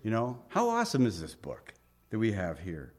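A male pastor teaching verse by verse, reading scripture aloud and asking his listeners rhetorical questions, with emphatic rises and quiet asides. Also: lowish voice, huge pitch swings, normal speed. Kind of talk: expository Bible teaching.

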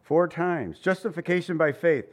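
A man's voice: fairly high pitch, normal speed. A man preaching a sermon in a conversational way, asking rhetorical questions and chuckling now and then. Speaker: pastor.

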